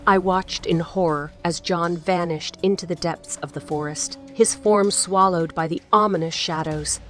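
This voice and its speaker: A woman voicing a frightened, grieving widow in an audiobook, speaking in a trembling, hushed voice. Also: lowish voice, fairly even intonation, normal speed, lightly acted. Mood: fearful. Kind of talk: audiobook character voice.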